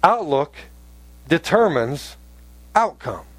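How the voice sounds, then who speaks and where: A man preaches a sermon to his congregation in a chatty, storytelling way that now and then rises to forceful emphasis. His voice sits a little high for a man. The sound is dry and close, with almost no room echo. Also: big pitch swings, slow, slightly rough. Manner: conversational preaching, rising to emphatic outbursts. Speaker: pastor.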